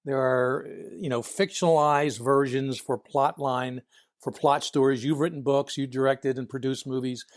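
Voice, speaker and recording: In a casual interview, a chatty Philadelphia man in his sixties, a retired FBI agent with the local accent, tells stories, chuckles as he speaks, and acts out other people's voices. His mid-range voice holds a steady tone at normal speed, captured in studio quality with no room sound.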